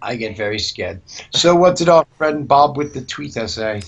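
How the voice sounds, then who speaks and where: A man's voice: mid-range voice, lively intonation, normal speed, gravelly, lo-fi sound, slight background noise. A man hosting a mock-serious comedy news show, rambling and stammering as he improvises.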